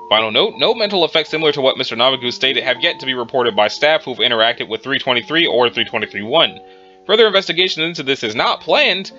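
A man's voice: medium pitch, animated, quick pace, pushed and bright. A man, the host, reading horror entries aloud with chatty asides and a slightly strained throat. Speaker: reader and host. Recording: dull lo-fi with music behind.

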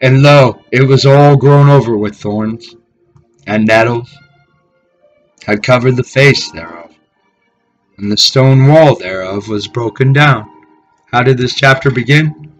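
A man preaching from scripture in a fiery, profane way, swinging between shouted tirades and low mocking murmurs. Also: takes it slowly, pauses often, highs cut off, faint music behind. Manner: swears heavily. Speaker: street preacher.

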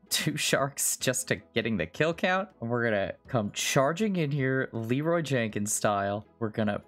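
A man giving casual, self-mocking gameplay commentary at his computer, sarcastic and swearing often. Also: fairly low pitch. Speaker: video game streamer.

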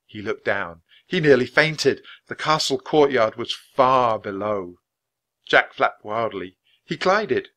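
Man storybook reader, bright and clear, measured pace. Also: medium pitch. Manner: clear, measured, expressive reading. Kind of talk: reading aloud a children's book.

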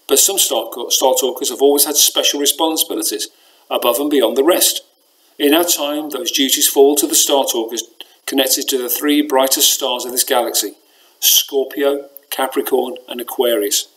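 A man voicing a frail, wise old woman who speaks for the stars, in a measured, solemn storybook reading. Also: mid-range voice, fairly even intonation, a bit bright, close to an everyday voice, rough recording. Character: frail wise old female star seer.

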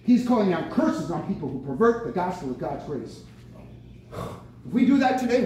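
Excitable male preacher, very high and animated pitch, recorded from afar in an echoey room. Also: normal speed. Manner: excitable, bursts out with exclamations. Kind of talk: lively sermon. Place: senior center meeting room. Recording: very echoey room, mic from far off, faint noise.

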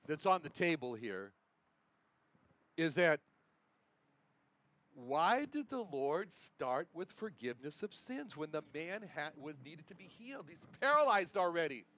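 Emphatic high-voiced man preaching. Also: a bit bright, no echo. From United States. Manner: emphatic, repeats verse references. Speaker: Bible teacher. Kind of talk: sermon. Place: chapel.

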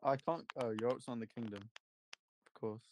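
A man's voice: mid-range voice, moderate pace, a little mellow, muffled recording, a little hiss or hum. A man on a voice call during a strategy game, making dry teasing remarks. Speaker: fellow player on voice chat. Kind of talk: casual gaming chat.

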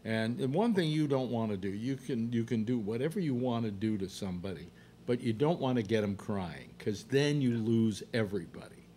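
A man's voice: medium pitch, animated, normal speed, dark tone, a little hiss or hum. A man hosting a casual panel chat, blunt and wisecracking. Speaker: host.

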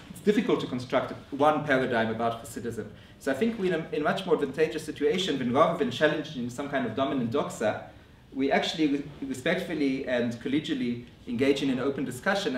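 A man giving a scholarly conference lecture in a measured way, often restarting his phrases. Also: medium pitch, slight background noise. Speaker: academic lecturer. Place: lecture room. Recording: roomy echo from a distant mic.

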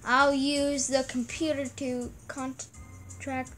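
A woman's voice: high voice, flat delivery, slow pace, fairly bright tone, soft background music. A young woman casually commenting on a video game, chatty and giggly, reading its text aloud. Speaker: gameplay video host.

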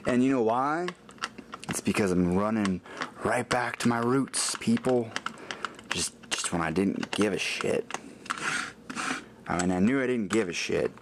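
A man with a fairly low voice talks through a homemade gadget build in casual vlog style, rambling and poking fun at himself as he works. Faint workshop clatter sits behind him. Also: measured pace, long pauses, noisy background. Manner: rambling, self-mocking, thinks aloud while working.

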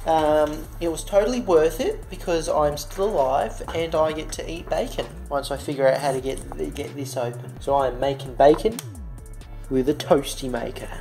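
A man's voice: fairly high pitch, normal speed, warm tone, low-quality recording. Young man in a fake American accent. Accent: put-on American. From Australia. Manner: rambling, jokey, self-mocking. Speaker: vlogger. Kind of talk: casual cooking vlog. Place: home kitchen. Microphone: handheld phone camera. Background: faint music and sizzling bacon.

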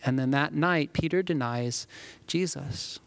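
Male pastor, sermon, storytelling delivery, slightly high voice. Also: a little slow, creaky, slight background noise. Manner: storytelling preacher who acts out the scripture scenes.

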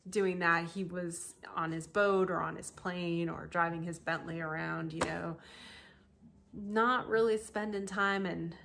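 A woman's voice: on the low side, unhurried, vocal fry, noisy background. A woman hosting a podcast, telling a true-crime story in a casual, chatty way with lots of asides. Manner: chatty, animated, full of asides and laughter. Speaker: podcast host.

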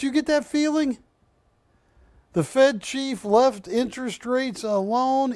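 Male shopping-channel host, slightly high voice, unhurried folksy joker with a hard sell. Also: a little mellow, no echo. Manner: folksy, joking, pushy salesman. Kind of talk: live TV sales pitch.

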